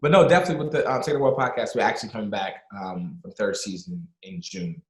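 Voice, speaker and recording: A fast-talking, animated man speaking as a guest in a casual conversation. He sounds motivational and emphatic, often repeating himself for stress. His voice rings out in a roomy, echoey space. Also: on the low side. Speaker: podcast guest. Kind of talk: casual video-call conversation.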